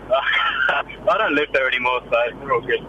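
A twenty-something man with an English accent and a touch of Australian twang, calling from his car. His voice is bright and forward, and he laughs off awkward moments with a sheepish air. Faint noise hums behind him. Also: medium pitch, normal speed, poor audio. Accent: English with slight Australian twang. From England. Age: 20s. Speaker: caller.

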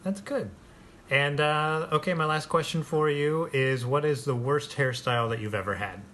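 A relaxed interviewer guides a guest with friendly questions in a middle-pitched voice. The tone is easygoing and encouraging. Faint background hiss runs underneath. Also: moderate pace. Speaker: interviewer host. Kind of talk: casual interview chat.

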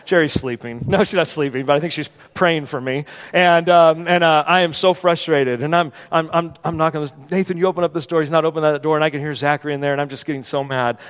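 A man preaching a sermon in a church, telling a personal story in an animated, conversational way. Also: fairly high pitch, fast, hardly any pauses, clean tone. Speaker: pastor. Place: church sanctuary. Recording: long hall reverb.

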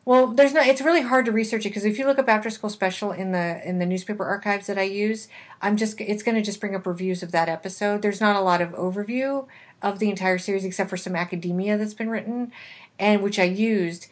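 A woman co-hosting a casual podcast chat, chatty and quick to laugh. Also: mid-range voice. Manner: chatty, laughs often, romantic enthusiast. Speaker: podcast co-host.

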